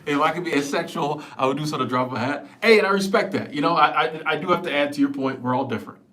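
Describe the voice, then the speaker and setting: A man's voice: fairly high pitch, fast talker, a bit bright. A middle-aged man hosting a casual livestream. He reads viewer comments aloud, laughs often, and stumbles over repeated words while talking on a small clip-on mic at home. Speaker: livestream host. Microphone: small clip-on wireless mic.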